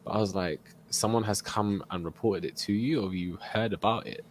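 Low-voiced young man telling a story. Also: normal speed, a little hiss or hum. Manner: animated storyteller, acts out quotes, laughs often. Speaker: podcast co-host. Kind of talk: casual storytelling chat.

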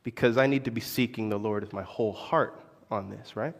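A young adult man and pastor telling a personal story in a sermon, animated, confessional and poking fun at himself. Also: on the low side, brisk, vocal fry. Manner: animated, confessional, self-mocking. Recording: long echo of a large hall.

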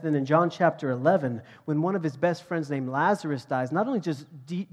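A man preaching a sermon, swinging from loud, emphatic lines to hushed, whispered passages. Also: a little high, fairly quick, hardly any pauses. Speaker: pastor.

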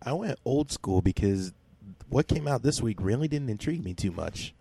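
A man's voice: mid-range voice, lively intonation, moderate pace, warm tone, husky. A man on a podcast steadily recapping a comic issue in casual, methodical detail. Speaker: podcast co-host.

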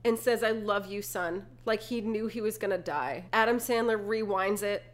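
A woman's voice: mid-range voice, moderate pace. Young woman recapping a movie with laughs. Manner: animated, laughing, retells scenes. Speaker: podcast co-host. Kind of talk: casual movie recap chat.

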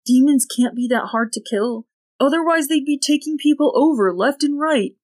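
A woman voicing a brash teenage boy, a loyal best friend who talks loud and sneers. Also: sits high, normal speed, voice pushed up, lightly acted. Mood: angry.

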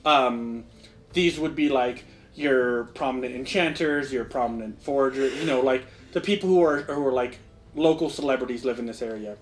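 A man's voice: medium pitch, normal speed, slight background noise. A young man narrating as game master in a casual, rambling way, full of fillers. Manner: rambling, filler-heavy, laughs often.

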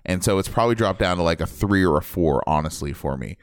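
Male podcast host, lowish smooth voice, dry close mic, animated and opinionated. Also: fast, no echo. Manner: animated, opinionated, jumps between points. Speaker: podcast host reviewing a film. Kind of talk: casual spoiler review chat.

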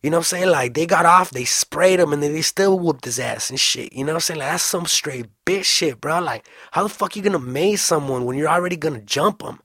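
A young man telling a story casually, full of slang and swearing, animated and fast. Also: fairly high pitch, no room sound, clean studio sound.

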